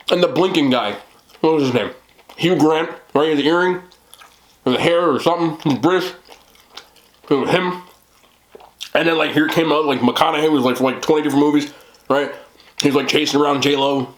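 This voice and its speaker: A man's voice: a little high, fairly bright tone, poor audio. A man hosting an eating video, chatting casually and rambling with many fillers and mocking asides. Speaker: mukbang host. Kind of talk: casual chat to camera.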